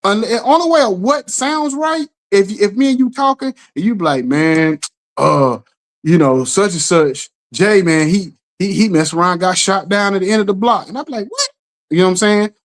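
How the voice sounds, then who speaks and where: A middle-aged man hosting a casual podcast chat, telling animated stories and acting out the quotes. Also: sits high, normal speed, poor audio. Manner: animated storytelling, acts out quotes, keeps asking "you know what I'm saying". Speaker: podcast host.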